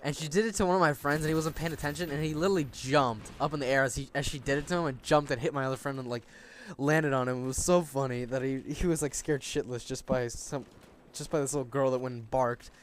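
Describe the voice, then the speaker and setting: A man's voice: medium pitch, steady tone, fast talker. A young man in his late teens tells stories during casual gameplay commentary. He rambles, swears a lot and often restarts his sentences. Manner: rambling, profane ranting with many restarts. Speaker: gaming channel host.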